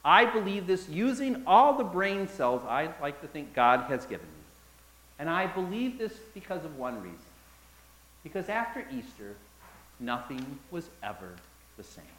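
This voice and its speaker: A man preaching with a high, lively voice that swoops between loud emphasis and hushed drops. He uses emphatic pauses and repetition, and his voice rings through a roomy, echoing space. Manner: addresses the listeners as "folks". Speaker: pastor. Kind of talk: sermon. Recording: echoey room.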